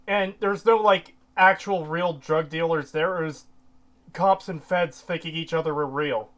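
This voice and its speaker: Slightly high man, hesitant casual talk. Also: a little slow, fairly bright tone. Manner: hesitant, filler-heavy. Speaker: podcast co-host. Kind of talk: casual chat.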